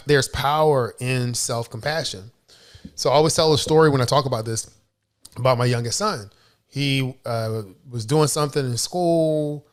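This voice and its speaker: A man, a guest speaker and father, giving calm advice through a personal anecdote with acted-out dialogue. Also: medium pitch. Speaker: guest speaker and leadership coach. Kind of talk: storytelling advice.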